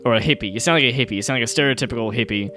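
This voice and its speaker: Man, podcast co-host, casual chat, easily sidetracked, laughs often, mid pitch. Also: rapid-fire, pushed and bright, soft background music.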